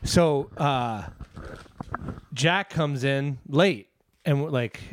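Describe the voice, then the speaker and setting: A man's voice: mid-range voice, drawn-out words, slight background noise. A man, a comedian, telling a rambling story in casual chat and laughing often.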